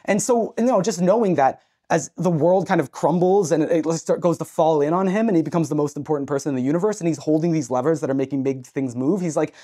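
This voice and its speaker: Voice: medium pitch, warm tone. A young adult speaker with a Canadian accent, chatting as a podcast guest in an emphatic, outspoken way. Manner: fast, emphatic, swears freely. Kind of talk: casual podcast chat.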